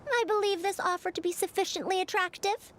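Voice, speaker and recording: An actress playing a proud, sharp-minded female scholar of old machines in a video game, measured, confident and a bit formal. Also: very high-pitched. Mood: curious.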